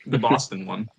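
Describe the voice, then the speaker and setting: A man's voice: lowish voice, gravelly, husky. A man on a reaction panel speaking casually and hesitantly, filling his speech with "like.". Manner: hesitant, lots of "like".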